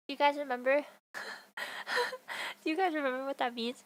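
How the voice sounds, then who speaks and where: A woman's voice: high-pitched, normal speed. A young woman livestreaming, chatting casually to her viewers in a playful, goofy way with frequent laughter. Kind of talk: casual stream chat.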